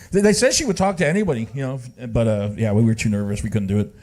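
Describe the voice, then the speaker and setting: Mellow-voiced man co-hosting, halting. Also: medium pitch. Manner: halting, with restarts. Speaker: open mic co-host. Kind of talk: casual live chat. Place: coffee shop open mic.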